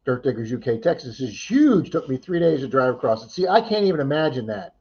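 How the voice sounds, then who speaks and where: A man's voice: medium pitch, very animated, brisk, highs cut off. A man hosting a casual livestream chat, thanking viewers by name and reading their comments. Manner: chatty, thanks viewers by name, laughs easily. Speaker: livestream host.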